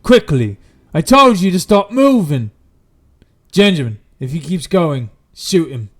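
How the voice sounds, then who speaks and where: A man voicing a gruff, hostile male caravan bodyguard who barks threatening orders in a tabletop game. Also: fairly high pitch, big pitch swings, unhurried, fairly bright tone, pitched above the performer's own voice, full character voice. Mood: angry.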